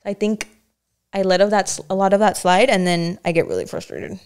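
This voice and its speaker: A woman's voice: medium pitch, big pitch swings, brisk, a little mellow, clear, resonant tone. A young woman co-hosting a casual podcast chat, talking in a candid, rambling, self-reflective way with many restarts. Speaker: podcast co-host.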